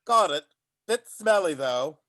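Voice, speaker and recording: A man plays a clumsy, blunt stagehand who grumbles. His voice is high and animated, and the sound is dry. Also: measured pace, no echo. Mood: grumpy. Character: gruff clumsy male stagehand. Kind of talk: amateur play reading.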